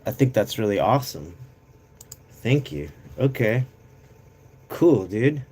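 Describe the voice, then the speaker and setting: A man's voice: fairly low pitch, very animated, slow pace, a little mellow, breathy edge. A man chatting casually on a live stream, rambling and swearing as he reads chat aloud, with bouts of coughing.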